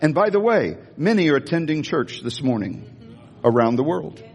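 An older American man, a pastor, preaching an animated sermon and calling on the congregation to repeat after him. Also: a little high, normal speed, slightly rough, in a large hall. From United States. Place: church sanctuary.

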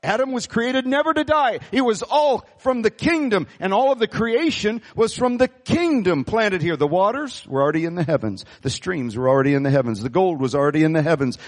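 A man preaching a sermon as pastor, animated and calling on the congregation to respond. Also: sits high, fairly quick, hardly any pauses, big-room sound. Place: church sanctuary.

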